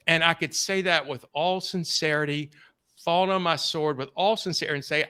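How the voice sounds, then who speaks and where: A man's voice: a little high, fairly quick, bright, forceful tone, no echo, clean studio sound. A man guest on a podcast interview, telling candid stories in a blunt, casual way and swearing freely. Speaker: podcast guest, sales trainer. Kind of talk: conversational storytelling interview.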